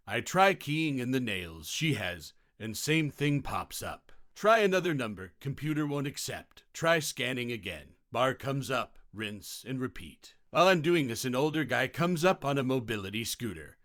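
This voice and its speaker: Lively male storyteller, dry close mic. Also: medium pitch, normal speed, few pauses, dry recording. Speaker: narrator. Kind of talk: scripted narration of reader stories.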